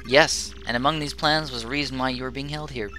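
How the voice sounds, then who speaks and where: Male base computer, stiff formal delivery, bright timbre, game voice, put on by a man. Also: medium pitch, fairly even intonation, a little hiss or hum, pitched above the performer's own voice, lightly acted. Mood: solemn. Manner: stiff, formal, measured speech.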